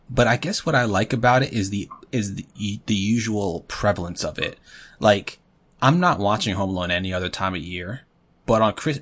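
A man's voice: lowish voice, a bit bright, breathy edge. A man co-hosting a podcast in casual chat, telling rambling stories full of fillers. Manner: rambling storyteller, heavy on fillers. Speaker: podcast co-host.

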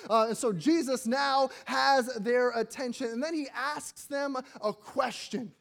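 A pastor preaching a sermon in a relaxed, conversational way, reading scripture and then explaining it, often repeating words as they go. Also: mid-range voice, normal speed, gravelly, hardly any pauses. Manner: conversational, animated preaching with frequent repetitions.

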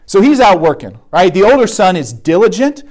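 Guy giving a retreat talk, casual sermon, keeps saying right?, slightly high voice. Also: very animated, brisk, a little mellow. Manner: conversational, asks the room "right?" often. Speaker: retreat speaker.

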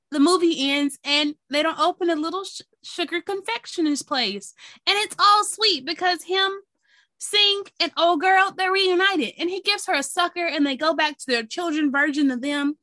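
High, bright-voiced woman podcaster. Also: no room sound, studio quality. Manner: animated, swears freely, retells movie plots. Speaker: podcast co-host. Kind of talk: casual chat.

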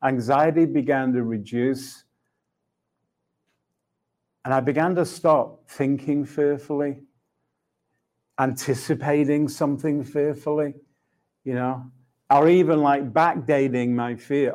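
A middle-aged man recounts a personal faith story in an easy conversational way. He is reflective, laughs readily and voices the exchanges he describes. His pitch sits in a plain middle range. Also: fairly even intonation, slow pace, pauses often, a little mellow. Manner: reflective, laughs often, acts out dialogue with God. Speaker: Christian speaker.

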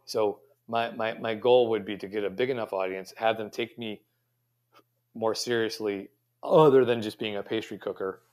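A man's voice: lowish voice, fairly even intonation, normal speed, darkish tone. A middle-aged man, a pastry chef guest, answering interview questions in a rambling, reflective way with many fillers and restarts.

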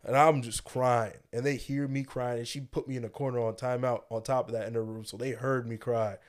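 Male podcast co-host, mid pitch, lively storyteller, slangy and loose. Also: brisk. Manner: animated storytelling, heavy slang, laughs often. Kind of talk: casual chat.

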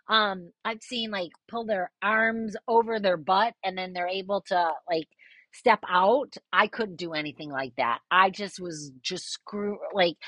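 Bright-voiced woman telling a wild story. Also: medium pitch, no room sound. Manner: animated, swears freely, acts out quoted voices. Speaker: podcast host telling a personal story. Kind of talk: casual storytelling.

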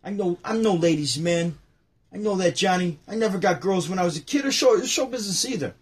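Man doing a wisecracking older comic, rapid-fire punchlines, fairly high voice, husky edge. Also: lively intonation. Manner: rapid-fire joke delivery, setup then punchline. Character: impression of a nervous wisecracking older male comic.

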